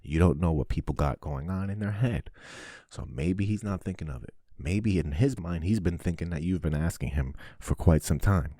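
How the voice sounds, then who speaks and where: A man hosting a podcast, giving a casual, animated monologue full of swearing. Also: deep voice, normal speed, dry recording, clean studio sound. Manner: swears often, animated and preachy. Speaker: podcast host.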